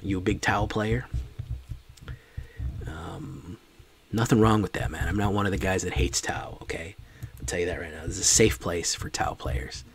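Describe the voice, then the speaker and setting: A man's voice: low-pitched, moderate pace, long pauses, slightly rough. A man streaming a card game, chatting casually and joking with his chat.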